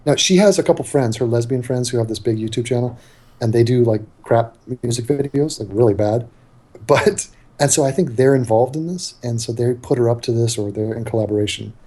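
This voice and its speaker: A man's voice: medium pitch, brisk, dark tone. A man co-hosting a podcast in loose, rambling, joking chat. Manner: rambling, joking, laughs often. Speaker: podcast co-host.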